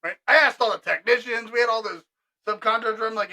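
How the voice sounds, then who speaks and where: Middle-aged man, high bright tense voice, animated storyteller for a casual podcast. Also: quick pace, rough recording. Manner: animated, laughing, acts out both sides of conversations. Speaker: restoration business owner telling stories.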